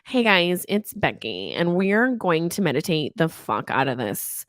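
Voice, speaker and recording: A woman's voice: fairly low pitch, very animated, measured pace, a bit bright, no room sound, clean studio sound. A woman doing a bubbly fake meditation guide girl. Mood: perky. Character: ditzy young woman meditation app guide.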